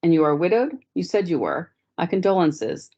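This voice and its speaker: A woman's voice: fairly low pitch, sing-song, normal speed, mellow. A woman reading aloud, voicing a polite but grave, self-important male police officer in his thirties, on dull lo-fi meeting audio.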